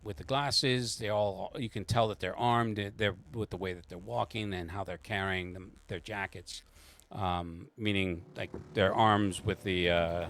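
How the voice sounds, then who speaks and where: A man's voice: deep voice, a bit bright. A man narrating as game master of a tabletop game, rambling, with many fillers and restarts.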